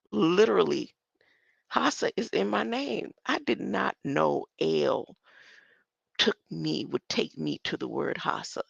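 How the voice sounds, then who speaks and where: A woman's voice: sits low, lively intonation, takes it slowly, creaky, slightly rough, no room sound, muffled recording. An older woman thinking aloud as she reads from her screen, rambling with muttered asides and sudden exclamations. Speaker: solo streamer.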